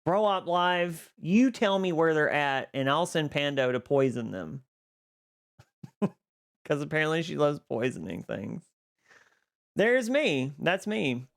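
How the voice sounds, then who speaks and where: A live streamer on a boom mic, chatting casually with viewers, greeting them by name and laughing often. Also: lively intonation, slow, vocal fry, long pauses.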